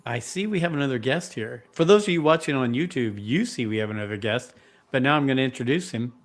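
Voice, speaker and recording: Guy hosting a chill podcast, upbeat, normal pitch, just chatting. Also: animated, fast. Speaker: podcast host. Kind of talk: casual chat.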